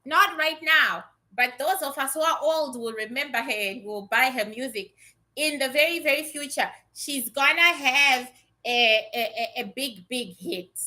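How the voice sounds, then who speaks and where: A woman's voice: high voice, measured pace, sharp tone. A woman giving a casual, blunt psychic reading to her viewers, chatty and swearing freely. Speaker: psychic reader.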